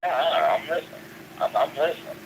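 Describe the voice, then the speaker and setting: A man's voice: a little high, animated, brisk, slight background noise, low-quality recording. A man calling in as a show guest, speaking earnestly and often restarting his sentences. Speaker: guest caller. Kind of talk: casual talk.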